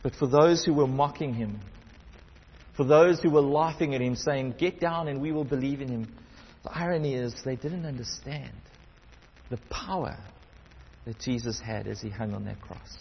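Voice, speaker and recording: A man preaching a sermon, reading scripture aloud and swinging between raised emphasis and hushed, quiet passages. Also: mid-range voice, normal speed, creaky, in a large hall, dull audio, slight background noise. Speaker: pastor.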